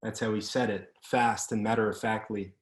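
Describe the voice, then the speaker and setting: A man, an author, reading his fiction aloud in a measured, deliberate way over a video call from a room at home. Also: lowish voice, fairly even intonation. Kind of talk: literary reading. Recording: roomy echo.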